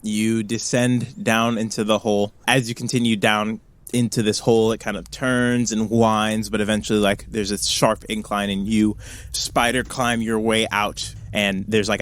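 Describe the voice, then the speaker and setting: A man's voice: on the low side, little pitch movement, unhurried. Easygoing man running a tabletop game. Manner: easygoing, with hesitant fillers and chuckles. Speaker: game master.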